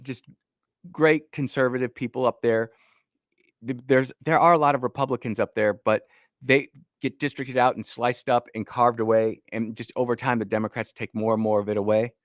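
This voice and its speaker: A man's voice: mid-range voice, steady tone, moderate pace, no room sound. Male talk radio host, folksy and emphatic, dry close studio sound. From Northern Illinois. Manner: folksy, emphatic, frequent restarts. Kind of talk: political talk radio commentary.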